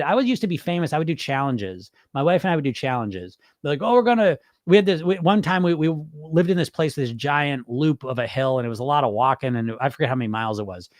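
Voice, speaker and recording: A male podcast host talks loosely through viewer comments. He rambles and swears freely. His voice sits on the higher side, and the sound is dry and close. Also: dry recording. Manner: animated, profane, rambling. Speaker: podcast host and weight-loss coach. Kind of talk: casual podcast chat answering viewer comments.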